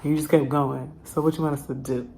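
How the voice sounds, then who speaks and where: A woman's voice: sits low, little pitch movement, fast, darkish tone, a little hiss or hum. A woman voicing her spirit guides as sassy, exasperated gossiping girls.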